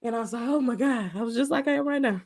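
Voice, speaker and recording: A woman's voice: on the high side, rapid-fire. A woman co-hosting a casual movie recap, acting out her reactions dramatically. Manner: animated, acts out her own reactions, dramatic. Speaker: podcast co-host.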